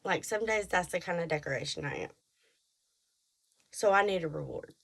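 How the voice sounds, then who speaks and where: A woman's voice: fairly low pitch, lively intonation, vocal fry, a bit bright. A woman in her late thirties from Texas with a thick Texan accent, chatting casually and rambling as a podcast host. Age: 30s. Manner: rambling, self-deprecating, quick asides and mock voices. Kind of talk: casual chat.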